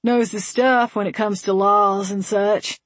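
A woman's voice: mid-range voice, fairly even intonation, unhurried, dry recording, natural voice. A woman voicing an easygoing, chatty young male deputy who talks in a rambling, folksy way.

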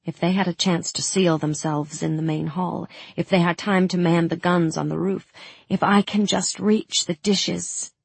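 A woman reading a first-person story aloud as an audiobook narrator, with urgent, tense storytelling that breaks into shouts. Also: lowish voice, fairly even intonation, measured pace, creaky, husky, no room sound.

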